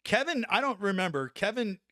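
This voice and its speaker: A man in his forties, an army veteran guest on a podcast, telling an animated story and tagging lines with "right?". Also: sits high, brisk, no room sound, clean studio sound. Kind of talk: casual storytelling anecdote.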